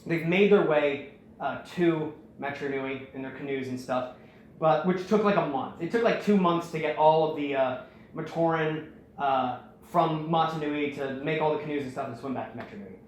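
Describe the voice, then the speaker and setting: A man hosting a casual storytelling recap, rambling and animated, acting out the quotes. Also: a little high, moderate pace, slight background noise. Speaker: host. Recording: very echoey room.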